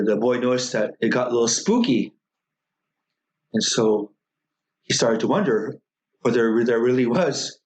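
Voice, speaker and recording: A male Buddhist minister tells a spooky folktale as part of a dharma talk. He speaks very slowly and deliberately, pausing between short phrases. His voice sits at an ordinary pitch for a man. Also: rough recording. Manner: slow, measured telling with many pauses.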